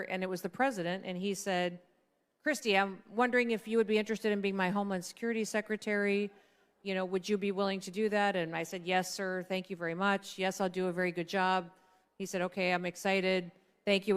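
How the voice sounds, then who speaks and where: A middle-aged woman speaks at a dinner event, telling a personal story in a relaxed, conversational way. Her voice is smooth and clean, in a middle register, and she slips into the voices of the people she quotes. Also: mid-range voice. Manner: conversational, acts out quoted dialogue. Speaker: guest speaker at a political dinner. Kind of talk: anecdotal storytelling speech.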